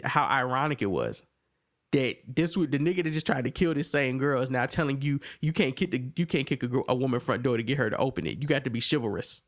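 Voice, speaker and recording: A man co-hosting a podcast, casually recapping an episode and jumping up in pitch when he acts out the characters' lines. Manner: animated retelling, acts out characters' lines in a raised voice. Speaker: podcast co-host reviewing a TV episode. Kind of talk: casual chat, recapping scenes.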